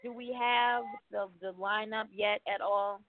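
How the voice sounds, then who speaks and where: A woman's voice: mid-range voice, fairly even intonation, unhurried, no echo. A woman radio host interviewing a guest in a casual, playful way. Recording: tinny phone-like sound.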